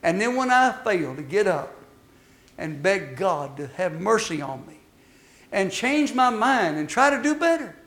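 A man preaches a sermon in a folksy storytelling manner. His voice sits high and carries a gravelly rasp. He swings emphatically between loud declarations and hushed asides. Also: sing-song, a little slow.

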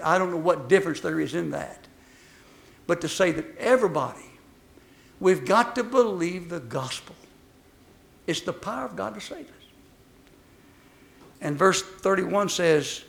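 A man preaching a sermon, telling folksy stories with emphatic swings between loud and hushed delivery. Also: high voice, lively intonation, moderate pace, vocal fry, pauses often.

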